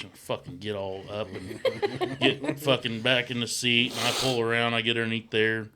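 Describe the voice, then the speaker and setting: A man's voice: mid-range voice, very animated, moderate pace, bright, forceful tone. A middle-aged man and podcast co-host, a former truck driver, telling a story in casual chat. He swears constantly and laughs as he goes.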